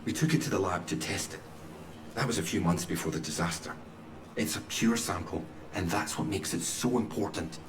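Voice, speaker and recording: An actor playing a cryptic male scientist in a game, giving calm, measured, secretive instructions. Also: sits low, far from the mic, close to an everyday voice. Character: cryptic male scientist sending the player on a task. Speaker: game character. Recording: echoey game audio, set back from the mic.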